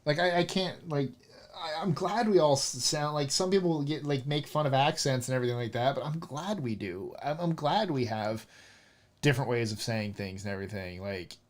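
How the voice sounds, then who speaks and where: A man's voice: medium pitch, moderate pace, slight background noise. A man in casual chat, talking animatedly with lots of fillers and restarts. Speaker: role-playing game player.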